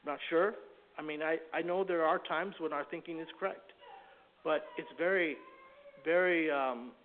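Male preacher with a slightly high voice, halting earnest reading; tinny, phone-band recording. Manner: halting, earnest reading with frequent self-corrections. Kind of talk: sermon, reading aloud from a book then preaching.

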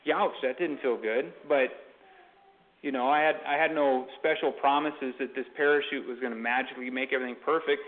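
A man's voice: mid-range voice, fairly even intonation, fairly quick, natural voice. A man voicing a male airline passenger who complains about his parachute while thinking aloud. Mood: determined. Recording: tinny phone-like sound.

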